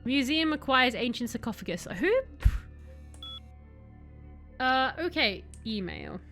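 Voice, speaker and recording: A woman's voice: high-pitched, takes it slowly, faint music behind. A young woman streaming a video game, chatting casually with viewers in a rambling way. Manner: chatty, rambling, bursts of excited yelling. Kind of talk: casual let's-play chat with viewers.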